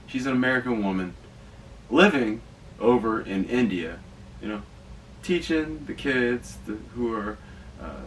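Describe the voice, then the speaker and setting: An excitable man hosts a casual podcast, his low voice pushing hard as he rambles and swears through asides. He sits back from the mic, with a faint hiss underneath. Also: distant mic, poor audio. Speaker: podcast host reviewing movies. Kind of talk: casual riffing commentary.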